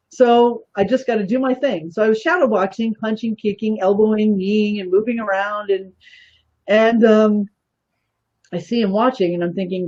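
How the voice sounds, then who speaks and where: A woman's voice: on the high side, normal speed, a little mellow, muffled recording. A woman guest telling a story in casual talk, animatedly acting out the voices of the people she quotes.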